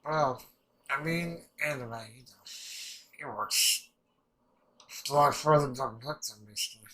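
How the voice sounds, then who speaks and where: A young man rambling excitedly through a casual reaction commentary, swearing freely and restarting his sentences. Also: fairly high pitch, measured pace, low-quality recording. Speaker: anime reaction channel host.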